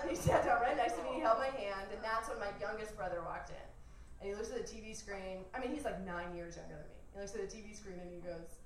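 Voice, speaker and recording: A woman's voice: medium pitch, moderate pace, slight background noise. A young woman telling a personal story to an audience, candid and laughing often, mimicking her family in quotes. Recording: echoey room from far off, faint ambience.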